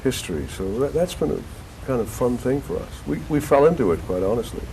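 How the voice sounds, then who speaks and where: An older man, an actor being interviewed, telling stories in an animated, rambling way with restarts. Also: mid-range voice, a little fast, a little hiss or hum, poor audio. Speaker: actor guest. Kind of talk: conversational interview storytelling. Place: local TV studio.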